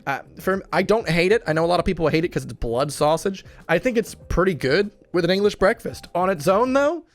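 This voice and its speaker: A young man from the United States giving casual, playful tier-list commentary on food, with joking asides and quick self-corrections. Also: high voice, expressive. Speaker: food vlogger ranking dishes.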